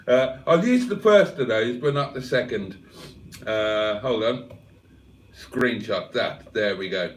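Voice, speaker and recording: A man's voice: medium pitch, lively intonation, a little slow, echoey room, a little hiss or hum. A man hosting a livestream, reading viewer comments aloud in a casual, chatty way and chuckling often. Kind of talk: casual chat.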